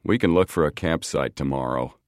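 A man's voice: extremely low pitch, brisk, no room sound, studio quality. A man voicing a lanky, hot-headed teenage boy with emphatic delivery. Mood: agreeing. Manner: forceful, emphatic.

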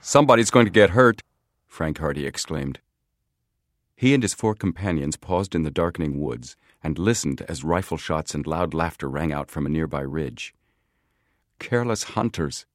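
A man narrating a boys' adventure book in a measured, steady reading. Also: rumbling low, dry recording, clean studio sound. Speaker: audiobook narrator. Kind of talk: scripted narration.

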